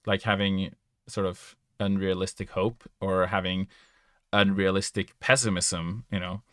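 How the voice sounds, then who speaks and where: A man's voice: low-pitched, level tone, unhurried, dry recording, studio quality. A man from Norway with a Norwegian accent, a native Norwegian speaker, chatting casually in English, hesitant and self-correcting with frequent laughs. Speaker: podcast guest or player. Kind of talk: casual chat.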